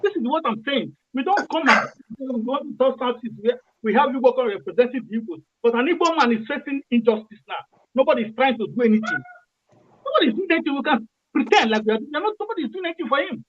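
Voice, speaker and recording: A man's voice: extremely high pitch, lively intonation, fast talker, breathy edge, dry recording, dull audio. A Nigerian man calling in to a radio discussion, impassioned and repeating himself, restarting phrases as he argues. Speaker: caller.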